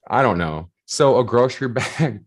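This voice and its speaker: A man, a race volunteer, casually telling an animated story full of fillers and laughter. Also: mid-range voice, normal speed. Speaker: race volunteer and shuttle driver.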